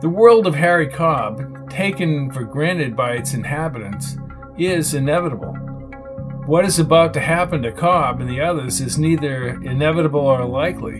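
A man's voice: fairly high pitch, normal speed. Male host introducing over guitar. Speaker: podcast host. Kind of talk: scripted show introduction. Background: guitar music.

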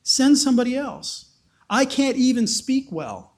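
A man's voice: very high voice, big pitch swings, unhurried, voice pushed up, full character voice. A man speaking as Moses in a Bible retelling, hesitant and pleading, stumbling over his words. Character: Moses, a reluctant, self-doubting grown man.

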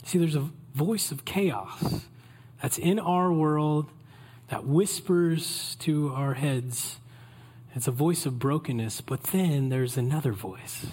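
Preaching on Christmas Eve, this pastor keeps things easygoing and welcoming, as if chatting with his congregation. He speaks slowly, in a slightly high voice with a breathy edge.

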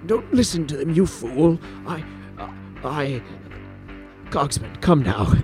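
A man's voice: on the high side, sing-song, slow, a little mellow, faint music behind. A man voicing a scheming male necromancer lord in a mechanical body, speaking haughtily and theatrically. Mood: wheedling.

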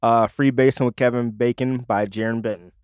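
A man hosting a podcast, talking casually and rambling through restarts. His voice is smooth and clear. The sound is close and dry, with no room around it. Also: mid-range voice, steady tone, fairly quick, a little mellow, no room sound. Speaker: podcast host. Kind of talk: casual chat.

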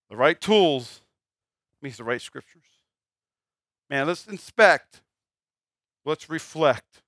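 High, bright-voiced preaching pastor. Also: male voice, no echo, studio quality. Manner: emphatic, swings from loud to quiet. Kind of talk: sermon.

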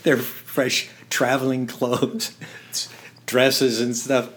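An older man telling stories in an interview, halting and laughing, dropping to a hush when he quotes someone. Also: mid-range voice, flat delivery. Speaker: interview guest. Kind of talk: storytelling in conversation.

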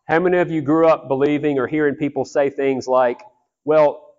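A man's voice: fairly high pitch, steady tone, moderate pace, darkish tone, in a large hall, lo-fi sound. A man preaching a sermon as pastor, earnest and conversational, often repeating phrases for emphasis.

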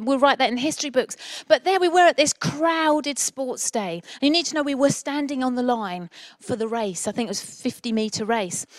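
A woman's voice: a little high, no echo. A middle-aged woman preaching a sermon, telling a family story with earnest, encouraging passion.

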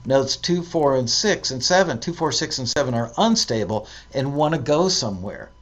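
A man's voice: mid-range voice, lively intonation, normal speed, muffled recording. A man hosting a live stream, reading out listener tips and commenting on them, with frequent ums and self-corrections. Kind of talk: casual live-stream talk.

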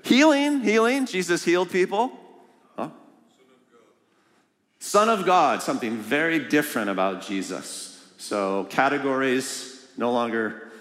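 A man preaching a sermon as a guest speaker, lively and joking, asking the congregation questions. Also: on the high side, measured pace, in a large hall. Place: church sanctuary.

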